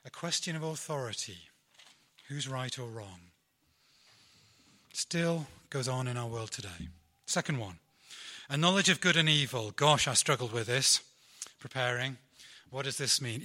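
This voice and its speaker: A middle-aged Englishman preaches a sermon in a very bright, forceful tone from a mid-range voice. He stays conversational and self-deprecating, speaking directly to his congregation.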